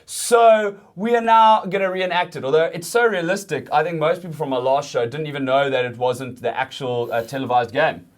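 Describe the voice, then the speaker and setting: A man's voice: a little high, a little fast, few pauses. A man hosting a comedic sports chat show, with dry, jokey banter. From South Africa. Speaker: host.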